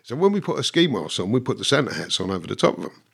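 A man's voice: lowish voice, very animated, rapid-fire, creaky, a bit bright, breathy edge. A man, a guest who tells his stories bluntly, swears and laughs at himself. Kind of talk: casual storytelling.

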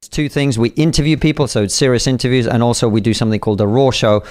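Calm man with a London accent. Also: medium pitch, fast, no echo, clean studio sound. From Soviet Union. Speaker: podcast guest, author. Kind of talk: casual podcast talk.

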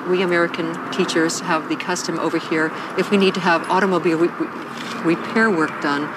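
A woman putting on a prim, fussy middle-aged teacher who talks slowly in stiff formal phrases. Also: lowish voice, fairly even intonation, far from the mic, very noisy, voice pushed down, lightly acted. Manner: slow, precise, overly formal wording.

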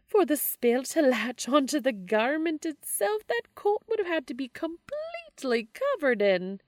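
A woman voicing a scheming female witch in a fan fiction reading, talking slowly and slyly. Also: high-pitched, sing-song, no echo, studio quality, pitched above the performer's own voice. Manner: slow, sly, drawn-out.

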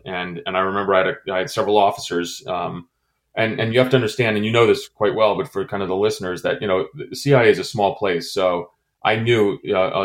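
A middle-aged man with a very low, deep voice speaks in an interview. He talks haltingly, full of fillers and restarts, with emotion close under the surface. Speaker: former intelligence station chief. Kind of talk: interview, personal recollection.

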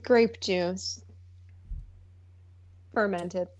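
A woman's voice: medium pitch, fairly even intonation, very slow, darkish tone. A woman co-hosting a podcast in casual, playful chat, laughing often. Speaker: podcast co-host. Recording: dull lo-fi sound.

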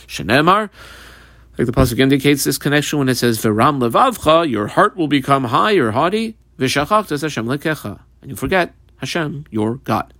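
Man teaching Talmud in halting English. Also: medium pitch, fairly bright tone, no echo. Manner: reads Aramaic phrases then explains in English, halting with fillers. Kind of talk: Talmud class, reading and translating.

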